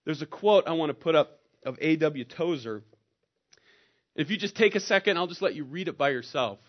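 A man preaching with a slightly high voice, telling stories in a loose, conversational way with emphatic peaks. The recording sounds dull and lo-fi. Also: animated, moderate pace. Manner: conversational storytelling with emphatic rises. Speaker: pastor. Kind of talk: sermon.

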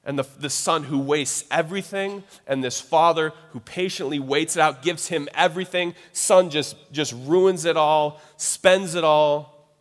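A man's voice: fairly high pitch, unhurried. A man preaching a sermon in a loose, conversational way. He acts out quoted voices and keeps checking in with "right?". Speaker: pastor. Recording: long hall reverb.

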